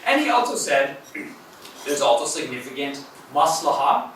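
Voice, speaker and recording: A man's voice: a little high, sing-song, normal speed, a bit bright. A man, a university professor, giving an academic lecture in a hall in a conversational way, with fillers and self-corrections. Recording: very echoey hall, voice from a distance, faint noise.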